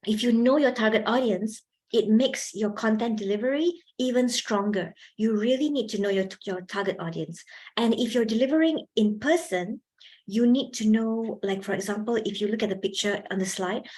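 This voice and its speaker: A young woman with a fairly high, slightly mellow voice leads a chatty public speaking workshop for students. Her talk is a lively seminar in which she asks the students questions and laughs often.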